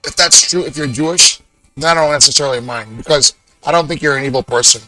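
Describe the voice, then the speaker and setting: Young man, twenties, emotional rambling vlog monologue, bright edgy tone. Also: on the high side, fast talker, faint music behind, poor audio. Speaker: vlogger. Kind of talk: casual monologue to camera.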